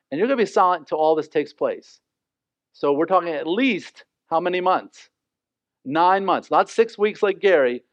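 A male pastor teaching a Bible passage in a sermon, animated and joking. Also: sits high, no echo. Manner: animated, joking, acts out the characters. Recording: dull, dry recording.

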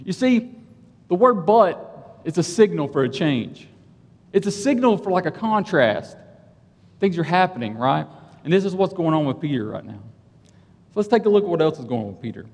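A man delivering a sermon in a chatty, self-deprecating way. His slightly high voice moves up and down a lot. The voice rings out with the long reverb of a hall. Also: moderate pace, long pauses. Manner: conversational, self-deprecating, animated storytelling. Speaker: preacher.

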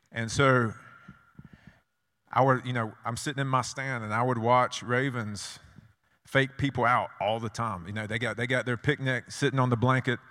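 A male preacher gives a sermon at a middle pitch, his slightly bright voice fading into a long reverb that fills the church sanctuary. He tells stories, poses rhetorical questions, and drives ideas home through repetition.

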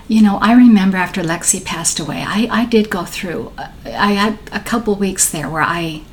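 A woman's voice: medium pitch, normal speed, slight background noise. A woman, a podcast guest telling her story in a rambling, heartfelt way. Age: 60s. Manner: warm, emotional, rambling storyteller. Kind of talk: conversational interview.

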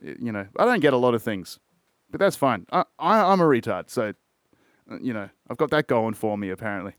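Podcast host, man, mid-pitched, loose rambling delivery with lots of swearing, dry close mic. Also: big pitch swings, a little fast, no room sound. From Australia. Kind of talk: casual music podcast chat.

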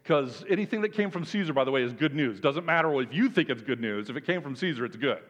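A man, a pastor, delivering an emphatic, animated sermon with lots of repetition. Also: medium pitch, fast talker. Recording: dull sound, long hall reverb.

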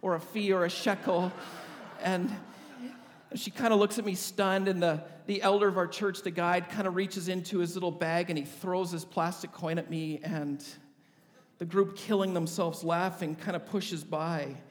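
A high-pitched man preaches through a funny, vividly told story, as a pastor addressing his congregation. His voice rings out with a long reverb, as if recorded in a large hall. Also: fairly even intonation, moderate pace. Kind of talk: storytelling sermon.

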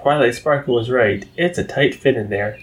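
A man's voice: medium pitch, moderate pace, natural voice. Man reading as a thoughtful female scientist officer.

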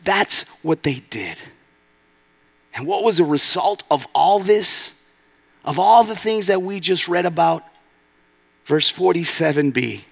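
A man preaches a sermon in a church. His voice has a gravelly, creaky edge. He swings between loud emphatic lines and hushed, low passages. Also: expressive, measured pace, pauses often. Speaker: pastor. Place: church sanctuary.

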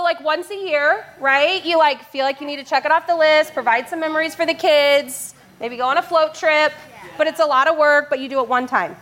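Bright, high-voiced playful woman preacher. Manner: playful, laughing, addresses crowd directly. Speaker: children's church teacher leading family service. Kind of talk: lively family sermon talk. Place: church stage.

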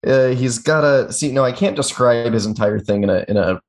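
A man's voice: mid-range voice, fairly quick. A man co-hosting a casual podcast chat, rambling and joking as he describes a show character. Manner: rambling, self-interrupting, jokey. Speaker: podcast co-host.

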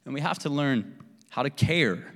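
A man's voice: mid-range voice, expressive, normal speed, long reverb tail. A man preaching a sermon as pastor, candid and self-deprecating in a conversational way. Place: church sanctuary.

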